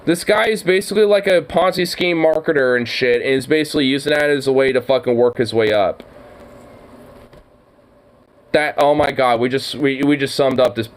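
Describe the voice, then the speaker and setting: A man's voice: mid-range voice, moderate pace, rough recording. A man reacting to a video in casual, profane commentary, ranting in exasperation. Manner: exasperated, ranting, swears a lot.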